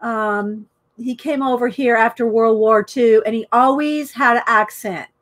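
A middle-aged woman with a high voice hosts a live coloring stream. She talks slowly and easily, greeting each viewer by name as she works. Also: steady tone, a bit bright. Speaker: live-stream art host. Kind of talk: casual live-stream chat while coloring.

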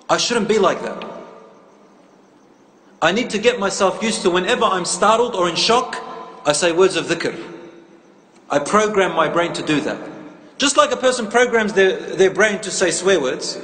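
A man's voice: high-pitched, lively intonation, moderate pace, pauses often, fairly bright tone. A man giving an interactive Islamic lecture, telling a story and questioning the audience, mixing in Arabic phrases. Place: lecture hall with live audience. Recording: echoey hall, faint ambient noise.

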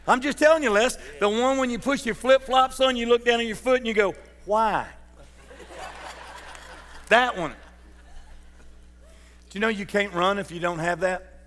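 A man's voice: very high-pitched, normal speed, fairly bright tone, big-room sound. A man preaching a sermon as pastor, folksy and joking, putting questions to his congregation. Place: church sanctuary.

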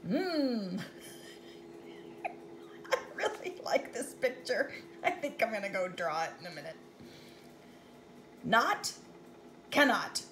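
A woman's voice: on the high side, very animated, slow, long pauses, fairly bright tone, slight background noise. A woman reading a picture book aloud to children, playful and chatty, laughing at the jokes as she goes.

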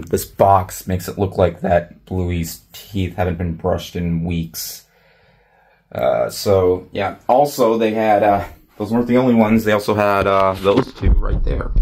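Low-voiced man rambling through a vlog. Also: unhurried, a little mellow. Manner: rambling, many fillers and restarts. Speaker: vlogger. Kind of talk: casual monthly vlog chat.

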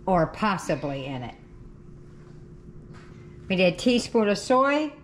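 This home cooking host speaks slowly in a sing-song, medium-pitched voice, chatting and correcting herself while food fries and sizzles in her kitchen. A slight hiss or hum is present.

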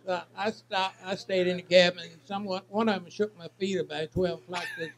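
Gravelly waterman. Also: sits high, fairly even intonation, low-quality recording. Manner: halting, rambling, many fillers. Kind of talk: storytelling to an audience.

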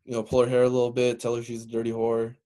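A man's voice: medium pitch, monotone, racing, mellow. A man around thirty hosting a casual crude podcast, teasing his guest with provocative questions. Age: 30s.

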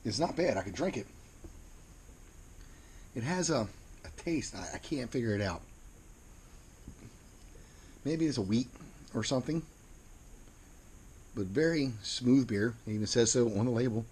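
A man with a Mid-Atlantic American accent reviewing beer in a casual video, plain-spoken and unhurried, repeating words as he searches for them. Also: medium pitch, darkish tone, slight background noise.

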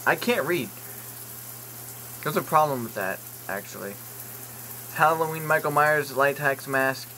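A man talks casually to his viewers and rambles through jokey asides as he reads listings aloud. His voice sits a little high, with a bright, forceful edge. Faint noise is heard behind him. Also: unhurried, long pauses, low-quality recording. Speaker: YouTube vlogger. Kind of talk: casual vlog commentary while browsing online.

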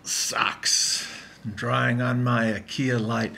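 A man's voice: on the low side, a little slow, a bit bright. A man in his fifties recording a casual video diary in his apartment, talking in an earnest, rambling way that keeps breaking off and restarting. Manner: rambling, earnest, self-interrupting. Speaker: vlogger.

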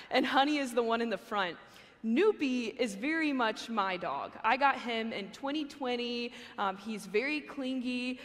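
A woman's voice: on the high side, fairly bright tone. A young woman giving a casual chapel sermon, chatty and full of fillers. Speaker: chapel speaker. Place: university chapel. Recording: long hall reverb.

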